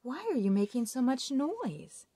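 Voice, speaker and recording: A woman voicing a small, ugly, persistent male frog in a children's storybook read-aloud, in a high wheedling voice. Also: very animated, a little slow, dark tone, breathy edge, dry recording, heavily acted. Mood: coaxing.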